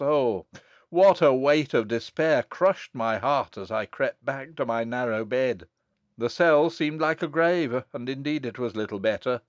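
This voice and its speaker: A man's voice: mid-range voice, no echo, lightly acted. A man reading as a wronged monk who speaks sternly and bitterly in an audiobook. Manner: stern, thundering.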